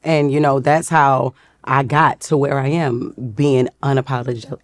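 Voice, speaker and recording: A woman's voice: very deep voice, fairly even intonation, unhurried. Outspoken Baltimore woman, playful and blunt. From Baltimore, USA. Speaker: guest comedian. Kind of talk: casual interview chat.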